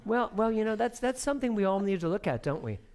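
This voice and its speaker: A man's voice: high-pitched, animated, fast talker, darkish tone. A man leading a church service as spiritual director, talking casually from the pulpit in a chatty, playful way and laughing often. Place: church sanctuary.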